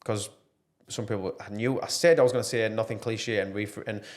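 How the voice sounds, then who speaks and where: A man with a fairly low voice, speaking as a guest on a podcast. He talks with earnest passion in a loose, conversational way, often pausing on fillers. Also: steady tone. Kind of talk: casual podcast interview.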